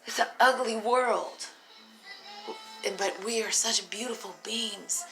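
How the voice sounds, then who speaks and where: A tired single mother talking straight to her phone camera in a raw, profane, rambling vlog, laughing to herself between thoughts. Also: on the high side. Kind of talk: raw unscripted vlog monologue.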